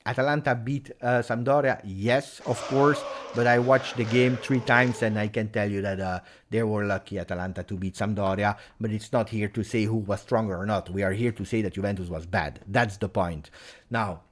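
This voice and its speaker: A man's voice: on the low side, fairly even intonation, moderate pace. Agitated man ranting. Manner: agitated, emphatic, repeats points. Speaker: football channel host. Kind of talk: live post-match reaction stream.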